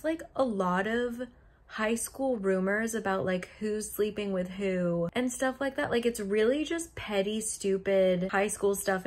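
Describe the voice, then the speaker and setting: A young woman chatting casually in a book vlog, frank and exasperated, with lots of filler words. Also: medium pitch. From living in Korea. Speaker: book vlogger. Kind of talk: casual reading vlog chat.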